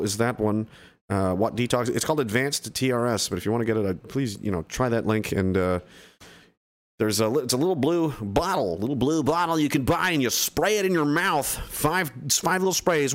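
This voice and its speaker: A man hosting a livestream, reading out chat and rambling casually, swearing and full of fillers and restarts. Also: lowish voice.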